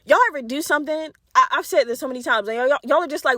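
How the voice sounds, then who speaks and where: High-voiced animated woman telling a story. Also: brisk, no room sound, studio quality. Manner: animated, profane, acts out her past reactions. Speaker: podcast host. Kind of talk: casual storytelling.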